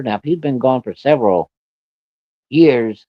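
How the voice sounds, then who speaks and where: A man telling a story of his own in a blunt, profane, folksy way, with rough rural grammar. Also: medium pitch, lively intonation, unhurried, no room sound. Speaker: storyteller recounting a personal encounter. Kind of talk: casual spoken storytelling. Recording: dull, lo-fi and dry.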